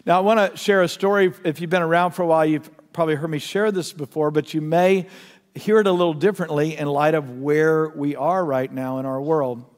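Middle-aged male pastor, earnest storyteller, slightly higher voice, long hall reverb, soft-to-loud swings. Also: steady tone, a little fast. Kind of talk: sermon.

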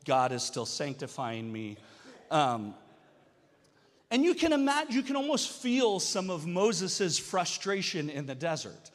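A man in his thirties preaching a sermon, telling the story in a lively way and acting out whiny voices. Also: a little high, unhurried, in a large hall. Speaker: pastor.

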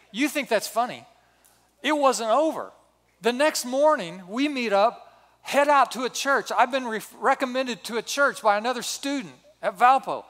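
A man in his sixties, a pastor telling a personal story in a sermon with animated, self-mocking humor. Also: extremely high pitch, normal speed. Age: 60s. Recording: reverberant hall.

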